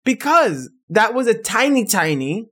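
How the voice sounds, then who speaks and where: A man's voice: sits high, very animated, unhurried, bright, forceful tone. A man co-hosting a podcast in casual chat, joking and mock-indignant. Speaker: podcast co-host.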